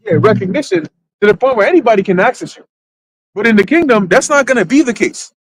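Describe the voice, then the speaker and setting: A man with a high voice preaches in a loose, conversational way during a church livestream. He stalls on fillers and repeats himself while he hunts for the right word, then pushes on with his point. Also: lively intonation, no room sound, rough recording. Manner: halting, searches for words with many fillers. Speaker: church teacher. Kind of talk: conversational sermon in a live church stream.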